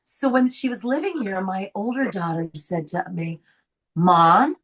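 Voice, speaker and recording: An older actress from the Bronx with a faint New York accent, telling stories in a casual interview and laughing often. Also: female voice, medium pitch, moderate pace. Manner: animated storyteller, laughs often. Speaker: actress guest.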